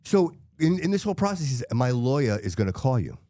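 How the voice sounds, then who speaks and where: A man's voice: medium pitch, very animated, quick pace, mellow, no echo, clean studio sound. A man in his fifties hosting a podcast interview, telling a story in casual chat and addressing his listeners directly. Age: 50s. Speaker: podcast host.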